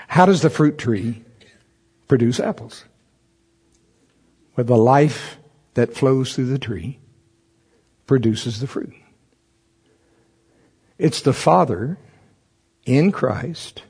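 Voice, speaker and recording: During a sermon, a man tells a funny personal story, chuckling often and breaking into loud, high-pitched voices to act out his own thoughts. His voice is slightly rough.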